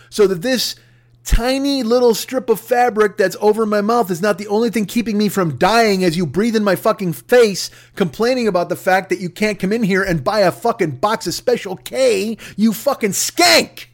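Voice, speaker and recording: A man's voice: high-pitched, moderate pace. A man hosting a podcast, ranting angrily and sarcastically with heavy swearing. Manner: angry, sarcastic, swearing heavily. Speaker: podcast host. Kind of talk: profane comedic rant.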